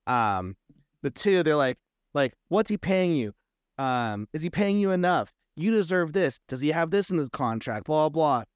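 Animated man recounting, dry close sound. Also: fairly high pitch, moderate pace, clear, resonant tone, dry recording. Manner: animated storytelling, acts out quoted exchanges. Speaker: comic book creator, guest. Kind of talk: casual interview talk.

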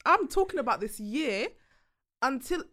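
A young woman co-hosting a casual podcast chat, lively and quick to laugh. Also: high-pitched. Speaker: podcast co-host.

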